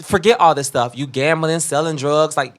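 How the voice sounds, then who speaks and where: A man co-hosting a podcast, ranting in heated, profane commentary with sudden loud outbursts. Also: a little high, normal speed. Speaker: podcast co-host.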